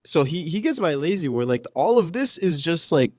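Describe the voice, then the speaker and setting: A man's voice: a little high, very animated, moderate pace, a little mellow, dry recording, clean studio sound. A young man co-hosting a podcast, chatting casually about a film, incredulous and laughing often, swearing freely. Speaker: podcast co-host.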